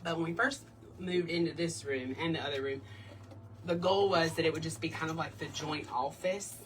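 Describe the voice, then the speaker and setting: Woman, chatty craft tutorial host, low voice, slightly distant mic, faint room hum. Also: normal speed. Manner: chatty, bubbly, breaks into little sing-song bits. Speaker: wreath-making tutorial host. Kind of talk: casual crafting demo chat.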